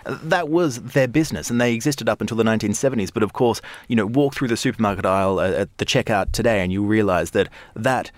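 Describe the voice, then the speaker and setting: A man speaking as a guest on a radio panel, explaining in an animated way with frequent restarts, on a studio microphone. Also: lowish voice, fast talker, hardly any pauses, no echo.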